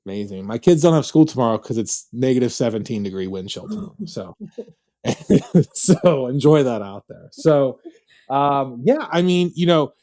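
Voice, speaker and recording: A man hosting a podcast interview, asking loose, filler-heavy questions in a relaxed way. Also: medium pitch, normal speed. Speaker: podcast host.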